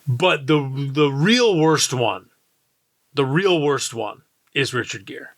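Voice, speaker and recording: A man's voice: fairly high pitch, lively intonation, takes it slowly. A man co-hosting a casual film podcast, talking animatedly and swearing, mimicking scenes. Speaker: podcast co-host.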